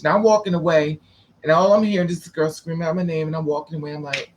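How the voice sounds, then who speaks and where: A man's voice: on the high side, fast, a little hiss or hum. A man telling a personal story in a casual, profane, dramatic way, acting out the people in it. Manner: profane, dramatic, switching between quoted voices.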